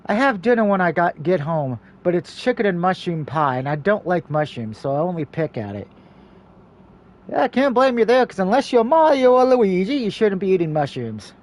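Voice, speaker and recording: A man streaming a story game, reading its text aloud and breaking off for quick, joking asides. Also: high-pitched. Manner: mixes steady reading with quick, jokey asides.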